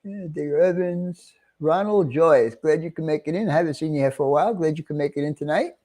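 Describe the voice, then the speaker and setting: A man's voice: fairly high pitch, fast, warm tone. Chatty New York man greeting viewers. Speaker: livestream host. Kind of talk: casual livestream chat.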